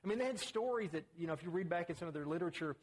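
A man's voice: lively intonation, rapid-fire, slight background noise. A man preaching a conversational sermon, acting out the quotes he reads. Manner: conversational, acts out quotes with rising pitch.

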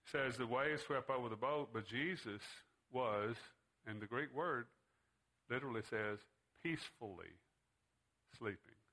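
A man's voice: mid-range voice, measured pace, bright, forceful tone. A man teaching a Bible class in a conversational way, putting questions to his students.

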